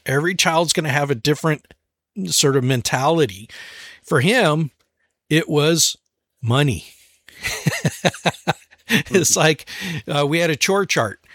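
A man in his forties, a parent of four, telling parenting stories in a relaxed way, often restarting and slowing down. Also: on the high side, no echo, clean studio sound. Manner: relaxed storytelling, frequent restarts and slower stretches. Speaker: parent sharing advice. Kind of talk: casual talk on parenting.

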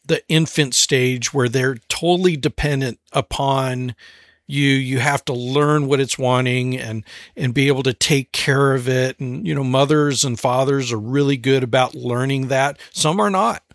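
A man in his forties, a parent of four, telling parenting stories in a relaxed way, often restarting and slowing down. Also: mid-range voice, no echo, studio quality. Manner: relaxed storytelling, frequent restarts and slower stretches. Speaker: parent sharing advice. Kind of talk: casual talk on parenting.

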